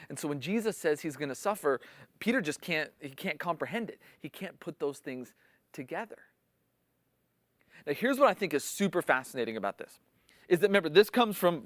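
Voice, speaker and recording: A man's voice: on the high side, no room sound. Conversational preacher man, dry sound. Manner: conversational teaching, acts out quotes with rising intensity. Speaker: pastor. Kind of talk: sermon.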